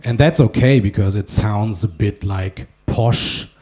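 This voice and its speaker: In a conference hall, a German man delivers a humorous keynote, spinning wry, self-deprecating stories full of asides. His voice sits low, with an unhurried pace and a darkish, slightly rough tone.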